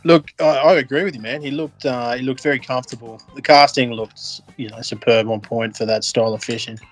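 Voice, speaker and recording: A man's voice: mid-range voice, fairly even intonation, a little fast, faint music behind. A man with an Australian accent, co-hosting a podcast in casual banter, wisecracking and swearing. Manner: wisecracking, laughs often, swears. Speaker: podcast co-host.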